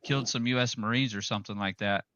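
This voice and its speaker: A man's voice: lowish voice, fairly even intonation, quick pace, dull audio, a crowd in the background. A man co-hosting a casual podcast chat, speaking in a laid-back way. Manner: laid-back, chuckles between remarks. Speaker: podcast co-host.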